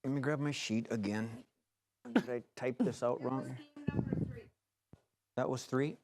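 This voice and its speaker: A man's voice: medium pitch, a little slow, background noise. A man organizing the games in a studio, chatting loosely and laughing. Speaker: show organizer. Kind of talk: casual backstage chat.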